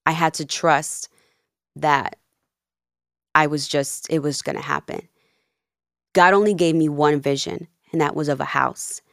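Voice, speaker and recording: A woman in her thirties with a notably low voice tells her story in a casual interview. She acts out each quoted exchange with lively emphasis. The sound is dry and close. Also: a little slow, vocal fry, long pauses, no echo. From Peru and New Jersey. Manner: animated, acts out quoted dialogue. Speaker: podcast guest, life coach.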